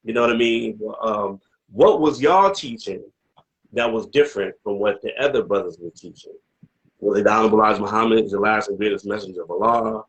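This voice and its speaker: A man's voice: lowish voice, brisk, a bit bright, lo-fi sound. A man interviewing an elder in a casual discussion, rambling with many asides before pressing emphatic questions. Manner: rambling, many "you know what I mean" asides, rising to emphatic questions.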